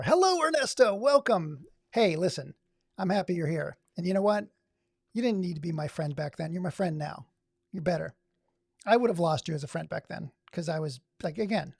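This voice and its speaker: A man's voice: sits high, gravelly, a little mellow, slightly rough, no room sound, studio quality. A man streaming, reading text aloud and riffing on it with sarcastic asides in casual livestream commentary. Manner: sarcastic, reads aloud and riffs.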